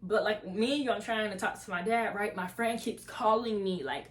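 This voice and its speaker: A woman's voice: mid-range voice, moderate pace. A young woman vlogger telling a story casually and animatedly, acting out the voices of the people in it.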